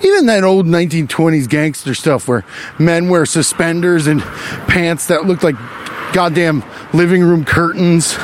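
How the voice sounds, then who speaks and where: A man hosting a podcast, delivering a rambling, profane comedic monologue with quick asides. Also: on the high side, a little hiss or hum. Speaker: podcast host.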